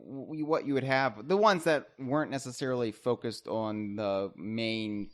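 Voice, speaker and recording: A man's voice: mid-range voice, moderate pace, hardly any pauses, fairly bright tone. Jokey man thinking aloud on a podcast. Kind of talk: casual podcast discussion.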